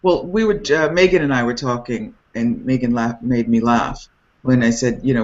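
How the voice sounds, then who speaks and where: A man's voice: medium pitch, normal speed, lo-fi sound. A man hosting a casual group video chat, playful and laughing often. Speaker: host.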